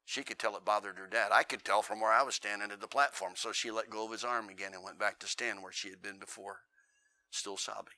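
A man's voice: on the low side, steady tone, fast, sharp tone, dry recording. A male preacher telling stories in a sermon, with a folksy, earnest and dramatic way of talking. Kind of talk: storytelling sermon.

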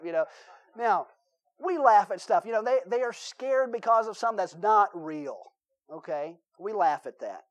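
A man's voice: high-pitched, sing-song, normal speed. A man with a Southern US accent preaching a sermon, telling folksy stories and acting out the voices in them. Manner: folksy storytelling, acts out voices in his stories. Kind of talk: sermon with anecdotes.

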